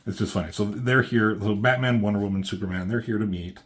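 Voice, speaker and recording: A low-voiced man recaps a comic issue in a loose, rambling way, full of "like" and "um." He sounds relaxed and unscripted, like a reviewer talking it through. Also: a little fast. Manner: rambling, filler-heavy, laid-back.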